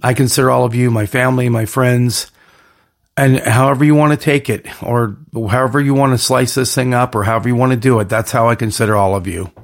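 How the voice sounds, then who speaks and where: Guy doing a solo podcast intro, gravelly voice, rambly and pumped up, stacks slogans. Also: medium pitch, fairly even intonation, fairly quick. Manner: rambling, hyped slogan-heavy delivery. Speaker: podcast host.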